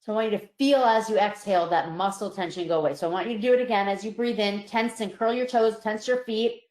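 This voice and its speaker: A woman psychologist guiding listeners through a relaxation exercise, calm and slow, her voice softening on each release. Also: mid-range voice. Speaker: psychologist presenter. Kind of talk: guided relaxation instruction. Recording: roomy echo.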